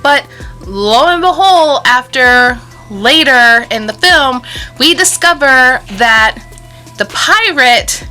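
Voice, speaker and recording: A young woman with a bright, fairly high voice hosts a casual film review chat. She talks in a lively, sarcastic way with wide swings in pitch, and soft music plays behind her. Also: takes it slowly. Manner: animated, sarcastic, laughs often. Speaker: movie review host.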